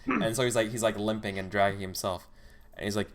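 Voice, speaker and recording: A man running a tabletop game as game master, narrating events in a halting, casual way with repeated starts. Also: lowish voice.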